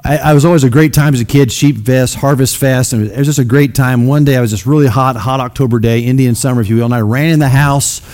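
A man's voice: mid-range voice, steady tone, fast talker, hardly any pauses, darkish tone. A middle-aged man from Missouri giving a folksy storytelling talk to a church audience, rambling and self-deprecating with many fillers.

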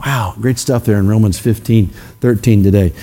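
A man preaching a sermon to his congregation in a conversational way, often checking in with the room with a quick "okay?". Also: lowish voice, mellow. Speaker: pastor. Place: church sanctuary.

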